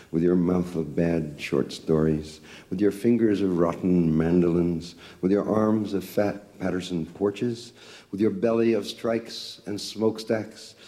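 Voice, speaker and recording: A man giving a poetry reading, intoning a long litany in a measured, solemn way. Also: low-pitched, mellow. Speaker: poet.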